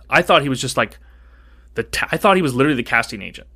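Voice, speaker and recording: Bright, animated man in casual podcast chat, rambling storyteller. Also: mid-range voice, fast. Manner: rambling, animated, acts out quoted dialogue. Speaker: podcast co-host.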